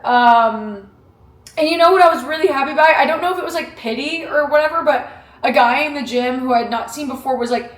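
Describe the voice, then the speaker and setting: A young woman talking candidly to camera in a casual vlog, profane and animated. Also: sits high, a little fast. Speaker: vlogger training for a boxing match. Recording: echoey room.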